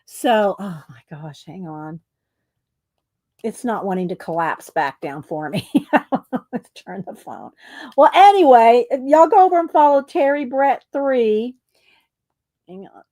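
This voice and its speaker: A woman's voice: on the high side, very animated, measured pace, dark tone. A woman hosting a casual crafting livestream, chatting with viewers by name as she works. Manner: chatty, many fillers and restarts, talks to viewers by name.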